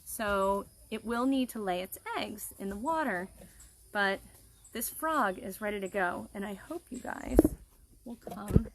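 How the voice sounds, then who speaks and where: Her voice is mid-range and a little slow, with background noise audible. She's a wildlife educator leading an upbeat live-streamed lesson by a pond, explaining things directly to an audience of children.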